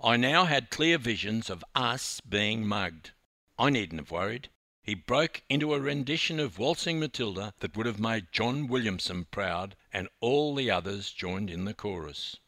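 An Australian man narrating his own memoir with wry, animated storytelling. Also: fairly low pitch, measured pace, dry recording, studio quality.

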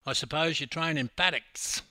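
A man's voice: a little high, normal speed, pushed and bright, no room sound, voice pushed up. An older man voicing a stern, irritated male customs officer who talks curtly. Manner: curt, snapping, stiff.

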